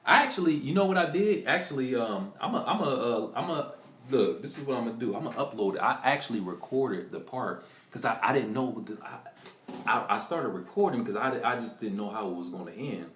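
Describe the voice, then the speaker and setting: A man live-streaming to viewers, excitedly retelling a story with many restarts and acted quotes. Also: medium pitch, brisk, roomy sound. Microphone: computer mic on a live stream.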